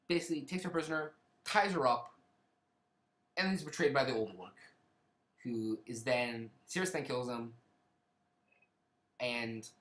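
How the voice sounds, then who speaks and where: In a reverberant space, a man with a mid-range, fairly bright voice casually retells a book's plot. As a book reviewer, he rambles, frequently restarting his sentences and hedging.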